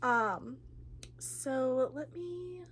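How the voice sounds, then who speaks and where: A woman with a high voice chats about books at an unhurried pace. She rambles, restarts her sentences and fills them with "like" and "um". Her talk is loose and emotional, broken by sighs and laughs. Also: animated, fairly bright tone, breathy edge. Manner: chatty and rambling, with many fillers and restarts. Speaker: book vlogger. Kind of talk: casual chat about books.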